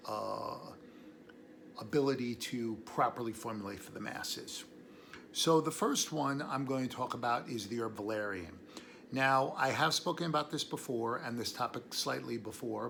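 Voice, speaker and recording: A man's voice: mid-range voice, vocal fry, a bit bright, slight background noise. A man hosting a casual educational talk on herbal medicine, rambling into tangents and chuckling between thoughts. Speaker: herbalist host.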